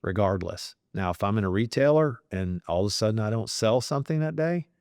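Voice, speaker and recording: A man's voice: lowish voice, animated, fairly quick, a little mellow, no room sound, studio quality. A middle-aged man, a company CEO, talking in a sit-down interview, rambling with fillers and growing emotional about his family.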